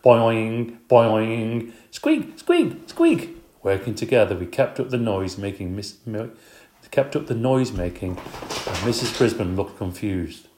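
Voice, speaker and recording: A man reading a children's story aloud as narrator, lively and expressive. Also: fairly low pitch, normal speed, echoey room, slight background noise.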